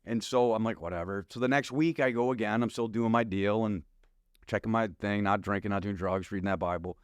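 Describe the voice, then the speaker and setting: A man's voice: on the low side, brisk, smooth, no room sound. Storytelling middle-aged man, dry studio sound. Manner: animated storytelling, acts out his past self with slang. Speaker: pastor and podcast guest. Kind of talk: personal testimony in casual conversation. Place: podcast studio.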